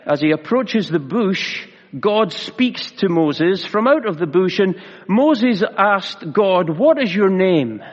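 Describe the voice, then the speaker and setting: A pastor preaching a sermon in a measured way, slowing down for emphasis and adding light humor. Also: male voice, sits high, expressive. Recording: reverberant hall, dull lo-fi sound.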